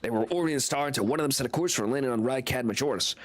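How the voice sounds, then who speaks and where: A man's voice: mid-range voice, racing, close to an everyday voice. A man reading as a weary battered army sergeant. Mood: grim. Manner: clipped military report. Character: weary battered male soldier sergeant, dutiful.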